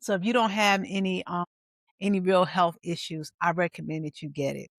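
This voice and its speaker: A woman in her fifties, a pastor, telling her own story in a lively testimony style, acting out the people she quotes. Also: lowish voice, a little fast, no echo. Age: 50s. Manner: animated storytelling with acted-out quotes. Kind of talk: personal testimony vlog.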